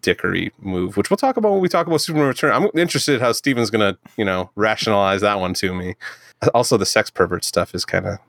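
A man's voice: on the low side, lively intonation, fast, creaky, a bit bright, no room sound. A man co-hosting a casual movie review podcast, rambling, sarcastic and profane. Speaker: podcast co-host.

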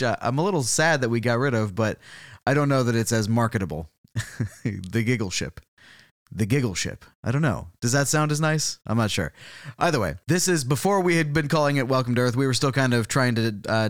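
A man's voice: medium pitch, clear, resonant tone, dry recording, studio quality. A man co-hosting a podcast, introducing the episode in a casual, rambling way, chuckling and thinking aloud. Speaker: podcast co-host.

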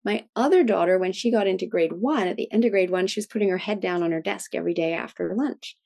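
A woman's voice: mid-range voice, quick pace, vocal fry, dark tone. A middle-aged woman, a guest expert, chatting and explaining in an interview and often ending points with "right?". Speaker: guest expert on food sensitivities. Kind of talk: conversational interview.

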